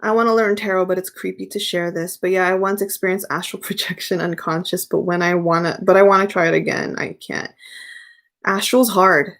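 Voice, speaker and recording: A woman's voice: on the low side, steady tone, fairly quick, fairly bright tone. A young woman chats loosely on her live stream about tarot, reading out viewer questions as they come in. She answers frankly and easily, like she is talking with friends. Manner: chatty, candid, reads viewer questions aloud and answers them.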